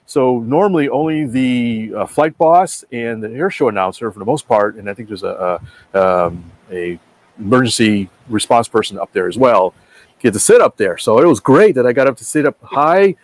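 A man's voice: mid-range voice, expressive, normal speed, no echo. A man hosting a casual chat, rambling with many fillers. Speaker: podcast host.

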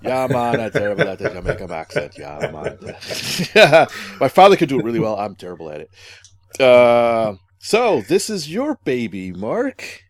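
Lively-voiced laughing male podcast host. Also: mid-range voice, moderate pace. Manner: laughing, storytelling, relaxed. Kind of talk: casual chat.

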